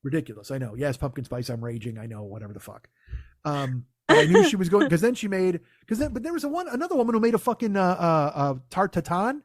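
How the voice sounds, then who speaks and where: A man in his forties with a fairly high voice rants through a comic story, swearing freely and sounding fed up. The sound is dry and close, with no room around it. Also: very animated, fast, no room sound. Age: 40s. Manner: profane, exasperated storytelling. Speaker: comedian podcast host. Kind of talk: casual comedic rant.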